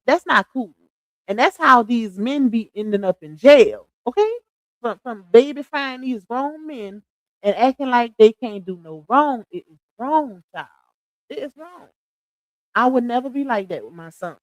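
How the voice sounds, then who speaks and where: Middle-aged woman, livestream host, sassy and quick to laugh, fairly high voice, dry close sound. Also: no echo, low-quality recording. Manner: sassy, laughs often, drawls slang. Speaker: livestream host reading chat comments. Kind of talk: casual live-stream gossip chat.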